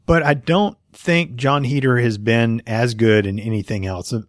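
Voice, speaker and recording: Excitable man, dry close sound. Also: mid-range voice, moderate pace, dry recording. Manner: enthusiastic, retells movie scenes with excitement. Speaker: podcast co-host. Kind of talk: casual chat.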